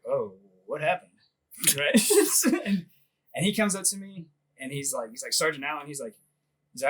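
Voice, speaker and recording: A podcast host spins a long story in a casual way, laughing often, swearing freely and dropping "like" constantly. His voice is a little high, fairly bright and husky, and the recording is rough.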